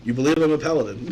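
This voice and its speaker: A man's voice: mid-range voice, a little hiss or hum. A man chatting and joking casually as a player in a tabletop game. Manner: joking, playful. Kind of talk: casual chat while playing.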